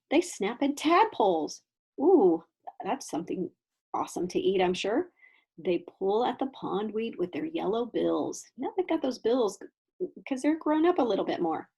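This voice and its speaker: A kindergarten teacher, a woman, reads a picture book aloud to young children and keeps pausing to ask them questions and explain. Her fairly high voice swoops up and down with animation. It carries a husky, slightly breathy edge. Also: warm tone, dull audio.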